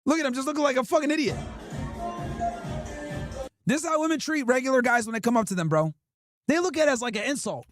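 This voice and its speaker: A man's voice: very high voice, expressive, fast, pauses often, over music. A man hosting a livestream, ranting bluntly and profanely while reacting to clips. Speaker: livestream host. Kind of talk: casual streaming rant reacting to clips.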